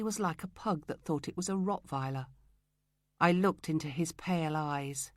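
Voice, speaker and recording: A woman narrating a first-person crime novel in a steady, controlled way, close to the mic. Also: low voice, moderate pace, dry recording. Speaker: audiobook narrator.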